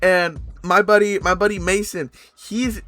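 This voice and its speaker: High bright-voiced young man telling a story. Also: unhurried, soft background music. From Canada. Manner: rambling and animated, many fillers and restarts, swears casually. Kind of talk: casual storytime vlog.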